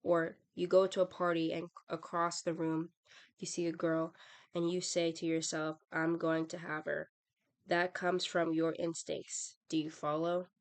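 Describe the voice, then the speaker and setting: A woman's voice: lowish voice, little pitch movement, unhurried. A woman reading the lines of an older male acting teacher who explains firmly and bluntly. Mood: instructive. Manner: firm, explaining.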